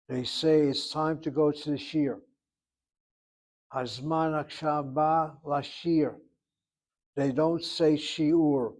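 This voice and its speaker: A man's voice: a little high, mellow, poor audio. A man with an American accent giving a Hebrew grammar lesson in a blunt, emphatic classroom lecture style. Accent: American English. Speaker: Hebrew instructor.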